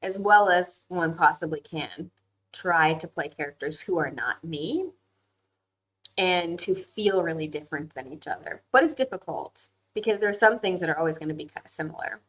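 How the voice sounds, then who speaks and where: A woman's voice: on the low side, moderate pace, a bit bright, low-quality recording. A young woman hosting a casual livestream chat and reading viewer comments, talking freely, laughing easily and often saying "like". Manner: chatty, frequent "like" fillers, laughs easily.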